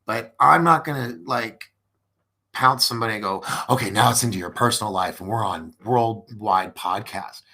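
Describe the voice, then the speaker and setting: Gravelly, bright-voiced male stream host. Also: fairly low pitch, moderate pace. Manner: rambling, many restarts and fillers, earnest. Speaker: podcast host. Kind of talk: casual live-stream chat reading viewer comments.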